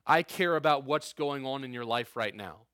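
A man's voice: mid-range voice, animated, normal speed, a bit bright, no room sound. A male pastor delivers an earnest, conversational sermon. He mixes emphatic points with casual asides. His voice sits mid-range and sounds close and dry.

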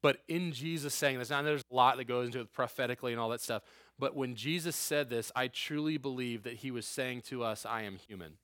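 A man's voice: mid-range voice, brisk, a bit bright, no echo, studio quality. A man preaching a conversational sermon as a pastor, earnest and emphatic with informal asides.

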